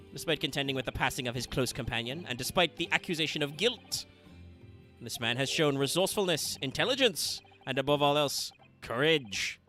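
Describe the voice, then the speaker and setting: A man's voice: on the high side, bright, forceful tone. A man reading aloud the part of a flamboyant, eccentric great detective, with grandiose, theatrical delivery. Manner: theatrical, grandiose, lofty pronouncements. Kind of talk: reading game dialogue aloud.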